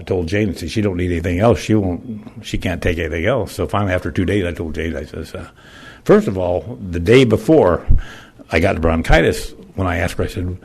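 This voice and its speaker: A man's voice: low-pitched, vocal fry, darkish tone, slightly rough. An older man giving a plain-spoken, emotional personal testimony in church, with folksy phrasing.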